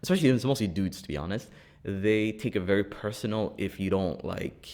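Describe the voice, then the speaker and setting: A man's voice: fairly low pitch, fairly quick. A young man co-hosting a podcast in a studio, chatting casually and telling funny stories with lots of laughter. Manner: animated storytelling, laughs often, acts out quoted voices. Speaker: podcast co-host.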